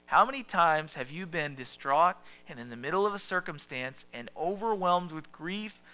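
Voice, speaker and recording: In a somewhat high, animated voice at normal speed, a pastor preaches conversationally, questioning his listeners and regularly sinking into a quiet hush.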